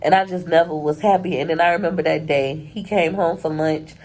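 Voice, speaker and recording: A young woman talks to her camera in an emotional personal vlog. She is crying and rambles candidly, her voice a touch low. Faint background noise sits under her voice. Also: fairly even intonation, a little fast, darkish tone, poor audio. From Florida. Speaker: YouTuber.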